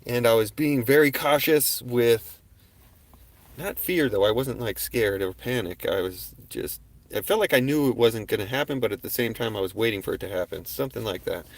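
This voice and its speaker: A man's voice: mid-range voice, normal speed, vocal fry. A man hosting a livestream, telling a personal story in a casual, profane way and acting out the exchanges in it. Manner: profane, animated, acts out quoted exchanges loudly. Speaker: livestream host.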